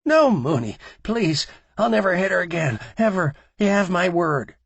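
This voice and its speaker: A man voicing a terrified male gambler who begs for his life in a high, pleading voice. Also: sing-song, moderate pace, creaky, slightly rough, no echo, full character voice.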